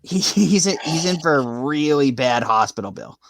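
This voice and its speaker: A man's voice: fairly high pitch, expressive, moderate pace, fairly bright tone, no room sound. A man with an everyday mid-range voice trades blunt, heated opinions in a casual sports chat. He sounds close and dry on the mic, with no room around him. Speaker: podcast co-host.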